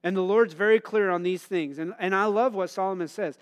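A middle-aged man preaching a conversational sermon, asking the congregation questions and telling personal stories with bursts of loud emphasis. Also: sits high, fairly quick. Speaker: pastor.

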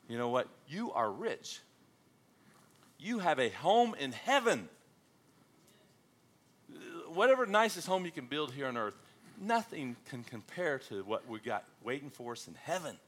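A man preaching a sermon to his congregation, animated and joking, often calling out questions to the room. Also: fairly high pitch, moderate pace. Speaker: pastor.

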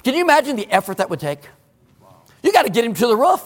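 High-pitched preacher guy, emphatic, gets loud then hushed, church echo. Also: very animated, quick pace. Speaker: pastor. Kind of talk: sermon. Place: church sanctuary.

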